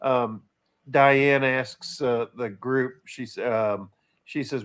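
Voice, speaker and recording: A man of average pitch chatting on a call. He retells a scene slowly, padding it with many fillers. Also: steady tone, fairly bright tone, smooth. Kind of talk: casual chat on a video call.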